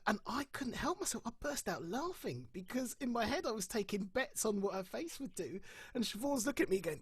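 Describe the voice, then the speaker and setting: Husky, dry-sounding woman storyteller. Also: a little high, brisk, no echo. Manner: expressive, acts out voices, laughs at dark humour. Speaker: bereaved parent panelist. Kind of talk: candid conversational storytelling. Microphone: video call.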